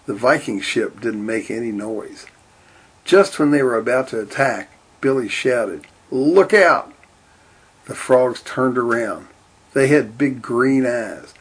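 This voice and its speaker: A man reading a storybook aloud in a steady, deadpan way. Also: medium pitch, a little slow, breathy edge. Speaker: narrator.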